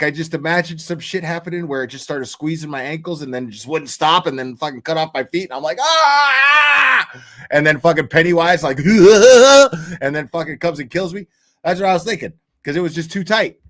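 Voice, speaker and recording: Male livestream host, slightly high voice, casual, profane, rambling rants.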